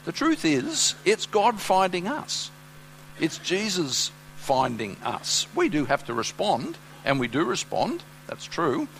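A man's voice: a little high, huge pitch swings, takes it slowly, a bit bright, a little hiss or hum, poor audio. A man preaching a sermon, earnest and full of fillers and restarts. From Australia.

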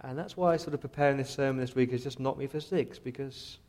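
A man's voice: mid-range voice, fairly even intonation, fast, a little mellow. A man preaching a sermon as pastor, earnest and direct, often voicing the apostle's prayers in the first person.

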